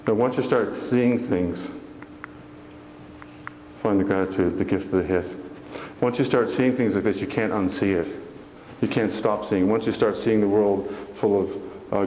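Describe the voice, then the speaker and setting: A man's voice: low-pitched, mellow, slight background noise. A man speaking as a motivational speaker to a live audience, earnest and folksy, often asking the audience questions. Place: church hall. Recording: echoey hall from far off.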